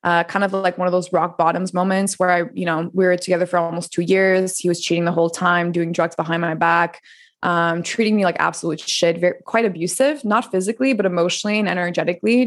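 A woman's voice: on the low side, fairly even intonation, quick pace. A woman in her thirties from France, a podcast guest telling her story in a candid, chatty way, filling her talk with "like" and swearing freely. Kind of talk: casual interview storytelling.

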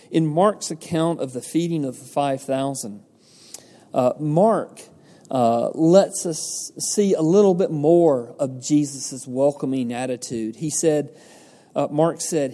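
A pastor preaches earnestly at an unhurried pace, his fairly high voice mellow and warm. He asks his listeners rhetorical questions and answers them himself, his words carrying the long reverb of a large hall.

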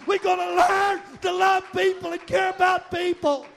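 A man preaching a fiery sermon, shouting and half-singing his repeated lines. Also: very high voice, level tone, normal speed, vocal fry, few pauses. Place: church sanctuary.

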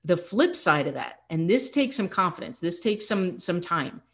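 Woman fitness coach, podcast host, candid, encouraging, slightly low voice. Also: big pitch swings, normal speed, a bit bright. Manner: candid, encouraging, laughs while talking. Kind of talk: casual motivational podcast talk.

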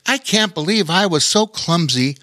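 A man's voice: a little high, expressive, normal speed, pushed and bright, dry recording, studio quality, voice pushed up. A man voicing a kind, young-at-heart older woman in a children's story, grateful and chatty.

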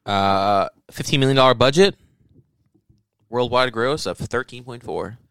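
A man's voice: medium pitch, measured pace, a bit bright, clean tone, no echo. A man co-hosting a casual chat, riffing sarcastically and joking around.

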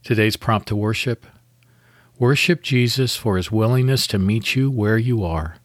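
Guiding listeners through a devotional meditation, a podcast host with a fairly low voice reads calmly, measured and unhurried. The sound is dry and close, with no room around it.

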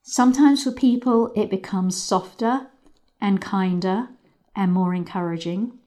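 A woman riding instructor leading a calm, measured visualisation exercise with frequent pauses. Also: mid-range voice. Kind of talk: guided visualisation lesson.

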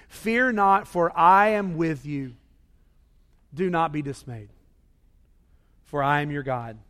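High-pitched preacher guy, quiet then loud and emphatic, big echoey church hall. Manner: builds from quiet reading to loud emphatic repetition. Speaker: pastor. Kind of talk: sermon. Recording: long hall reverb.

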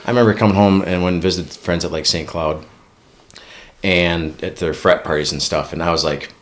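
A man's voice: low-pitched, steady tone, fairly quick, a bit bright. A man in his thirties from Minnesota, a podcast guest chatting casually and telling his story, acting out bits of remembered dialogue. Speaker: podcast guest, police officer and Marine veteran. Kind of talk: casual chat.

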